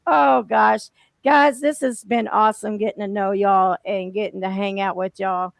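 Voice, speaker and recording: Gravelly-voiced woman hosting. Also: mid-range voice, fairly even intonation, normal speed, dry recording. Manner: loud, laughing, reads out viewer comments. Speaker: podcast host. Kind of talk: casual chat.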